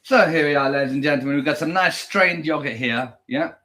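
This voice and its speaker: A man's voice: fairly high pitch, a little fast, pushed and bright. A man talking in a casual vlog, crude and exaggerated, swearing constantly. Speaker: vlogger. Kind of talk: casual rant and food vlog.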